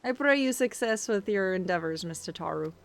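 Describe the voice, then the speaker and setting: A woman's voice: fairly high pitch, a little fast, natural voice. A woman voicing an ancient male dragon who speaks through a construct, in a stately, formal way with a put-on foreign accent.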